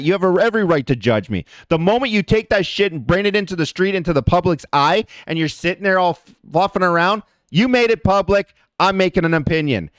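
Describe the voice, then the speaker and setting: A man hosts a livestream and launches into a heated, profane rant, speaking directly to his chat viewers. His voice is fairly high, clear, and resonant, with no room sound.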